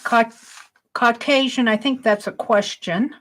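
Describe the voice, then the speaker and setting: A woman hosting an art livestream, slowly reading out her viewers' questions one by one and praising them as she writes them down. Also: fairly high pitch, steady tone. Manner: slow, reads out each viewer question and praises it.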